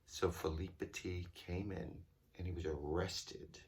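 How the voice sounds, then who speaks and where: Deep-voiced man telling his kids a story. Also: measured pace. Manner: animated, playful storytelling to kids. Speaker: tour guide. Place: home during lockdown.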